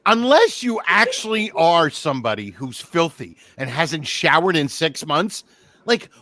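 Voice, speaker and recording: A man with a high, bright voice co-hosts a comedy podcast and tells animated, swearing-laden stories. The sound is close and dry, with no room around it. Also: a little slow, no echo. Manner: profane, animated storytelling. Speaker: comedian co-host. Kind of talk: casual comedy podcast chat.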